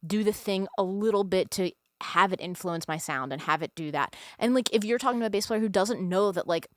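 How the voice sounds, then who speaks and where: Woman guest talking real fast and eager on a podcast, mid voice, dry close mic. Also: medium pitch, no echo. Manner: fast, eager, filler-heavy storytelling. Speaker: guest musician. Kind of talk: casual chat. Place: studio.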